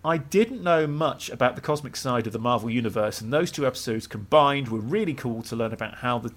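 A man's voice: medium pitch, lively intonation. A man co-hosting a podcast, chatting enthusiastically about films. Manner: enthusiastic, quick to laugh. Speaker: podcast co-host. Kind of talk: casual podcast chat.

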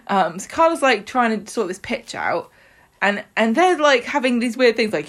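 A woman's voice: fairly high pitch, animated, normal speed. A woman, co-hosting a podcast and chattily retelling soap scenes with quoted lines. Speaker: podcast co-host. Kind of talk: casual chat, recapping a soap.

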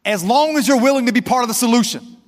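A man with a high, bright-edged voice, preaching with fervour and speaking straight to his congregation. His words carry a long, ringing hall reverb, as in a church sanctuary. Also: fast. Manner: fervent, conversational, talks straight to the congregation. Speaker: pastor. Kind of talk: sermon.

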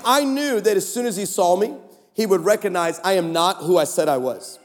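A man preaching at a conference, telling a comic story with animated delivery and playful voices for the people in it. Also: sits high, normal speed, in a large hall. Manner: animated, acts out texts in funny voices. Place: large conference hall.

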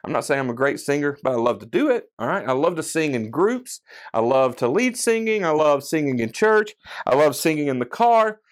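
A man with a fairly high voice giving a friendly, conversational Bible teaching. He works through a passage verse by verse and checks in with listeners as he goes. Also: sing-song, fairly quick. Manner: conversational, enthusiastic Bible teaching with frequent "okay?" check-ins. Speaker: preacher. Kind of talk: sermon.

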